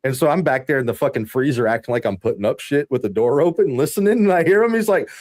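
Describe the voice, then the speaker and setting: A man from Texas hosting a podcast, telling long work stories in a casual, animated way, laughing often and swearing freely. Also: medium pitch, fast. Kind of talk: casual storytelling chat.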